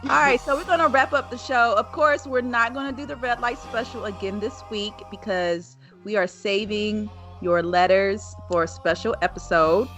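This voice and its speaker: A woman's voice: medium pitch, normal speed, few pauses, fairly bright tone, soft background music. A woman co-hosting a podcast, chatting casually and laughing often as she wraps up the show. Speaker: podcast co-host.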